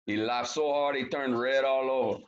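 A man reading a storybook aloud to young children, with a middle-pitched voice. He breaks in often with lively, chatty asides to his listeners. The recording sounds dull and lo-fi. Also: moderate pace.

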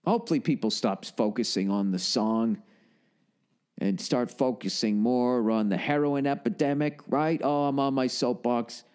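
A man hosting his own show, riffing through a loose comedic monologue full of swearing and tangents. His voice sits a bit high, and the delivery is casual and rambling. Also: a little mellow. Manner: rambling, profane, rants. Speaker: podcast host.

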